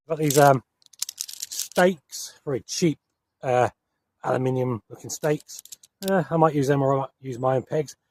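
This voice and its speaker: A man's voice: on the high side, vocal fry, a little hiss or hum. A man, talking bluntly and casually as he sets up camp outdoors in a woodland for his vlog. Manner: blunt, plain-spoken. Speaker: camping vlogger.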